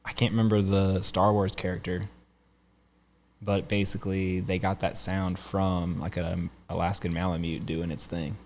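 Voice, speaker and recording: A podcast host in his thirties talks at normal speed in a low, fairly flat voice, with a little hiss or hum on the recording. He rambles through long, casual stories and laughs often.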